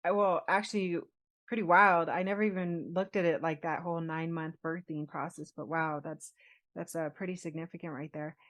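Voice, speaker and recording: A woman in her forties, a podcast co-host, telling a personal story in an animated, laughing way. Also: lowish voice, a little fast. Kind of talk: casual storytelling chat.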